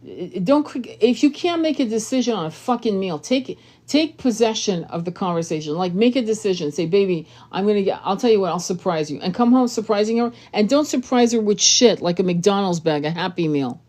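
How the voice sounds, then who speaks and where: A woman's voice: medium pitch, lively intonation, fairly quick, hardly any pauses, a little mellow. A woman tarot reader giving blunt, profane relationship advice in a casual monologue.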